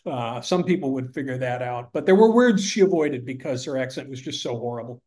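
A man's voice: medium pitch, expressive, brisk, a little mellow. An older man from upstate New York with a Northeastern American accent, a podcast guest telling rambling anecdotes in casual conversation.

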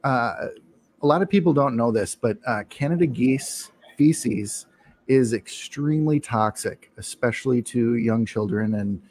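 A man co-hosting a casual podcast, telling a long story with many ums and pauses. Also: mid-range voice, a little mellow. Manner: hesitant, many ums, laughs often. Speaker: podcast co-host. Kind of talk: casual chat, rambling anecdote.

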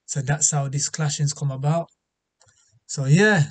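Excitable high-voiced man. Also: dry recording. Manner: excitable, slangy, quick bursts of exclamation. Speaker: reaction video host. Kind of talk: casual music reaction commentary.

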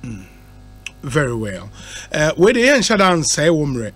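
A man's voice: on the high side, unhurried, breathy edge, soft background music. A Ghanaian man hosting a radio talk show, mixing Twi and English and reading out listener messages. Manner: reads out listener messages, animated and laughing. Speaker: radio host. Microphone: studio microphone.

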